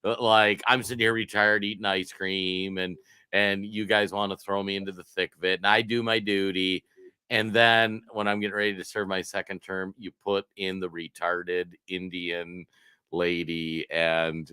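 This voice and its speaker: Man doing a rambling old politician, comic impression, aggrieved, low, bright, dry close sound. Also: little pitch movement, normal speed, smooth, no echo. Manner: rambling, resentful first-person monologue.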